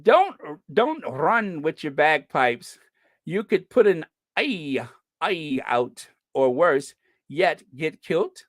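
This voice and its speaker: A mock-stern Scottish parent , as a host from the US puts on the voice, drawn out slowly and stumbling over each rolled R. The delivery is dry and close to the mic. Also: mid-range voice, big pitch swings, no echo. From United States. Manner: clumsy attempt at rolled Rs.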